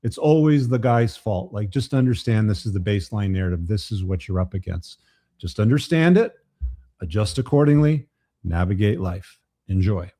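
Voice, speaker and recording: A man's voice: fairly low pitch, expressive, moderate pace, mellow. A man hosting a live commentary show, talking bluntly with frequent profanity. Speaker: host.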